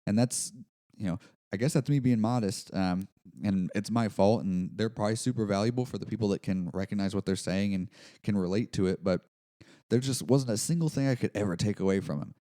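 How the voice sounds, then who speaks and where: A man's voice: lowish voice, a little fast, warm tone. A man hosting a business podcast, talking casually in a rambling, self-deprecating way with lots of fillers and restarts. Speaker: podcast host. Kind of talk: casual solo podcast monologue.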